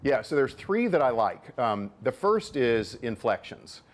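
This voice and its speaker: A man's voice: mid-range voice, big pitch swings, measured pace. A middle-aged man, a venture capitalist and author, answering interview questions in an explanatory way, often repeating words as he builds a point.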